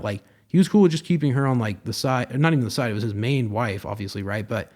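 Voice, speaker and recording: A man's voice: mid-range voice, fast, darkish tone. A young man hosting a podcast, casually retelling a film's plot in a rambling way, acting out the characters' lines and swearing now and then. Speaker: podcast host. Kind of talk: casual film review monologue.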